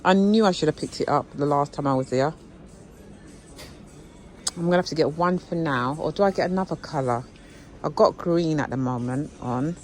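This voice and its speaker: A woman's voice: sits low, normal speed, long pauses, a little hiss or hum, rough recording. A woman chatting to viewers about what she finds while shopping, exclamatory and talkative. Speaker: vlogger. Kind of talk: casual shopping vlog chat. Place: indoor shop.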